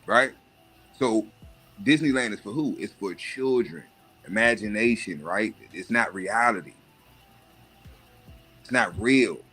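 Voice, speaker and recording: Brief: adult man, livestream host, blunt and animated, punchy bright tone. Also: on the low side, slow pace, pauses often, husky, soft background music. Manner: profane, animated rant with mocking put-on voices. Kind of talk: casual monologue.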